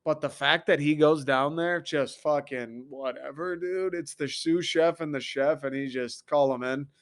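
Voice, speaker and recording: An American man hosting a podcast, ranting casually about TV in an excitable, profane, animated way. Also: on the high side, a little slow. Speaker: podcast host. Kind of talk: casual solo rant.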